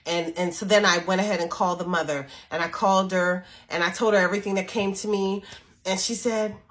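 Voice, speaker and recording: A woman's voice: mid-range voice, steady tone, brisk. A middle-aged woman casually telling a personal story to camera, chatty and full of restarts. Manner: chatty, repetitive restarts, acts out quoted voices softly. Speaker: spiritual storyteller and channel host.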